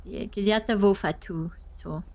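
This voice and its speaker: A woman's voice: medium pitch, moderate pace, a little mellow. A woman roleplaying in character in casual, teasing chat, hesitant with fillers. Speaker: roleplay player.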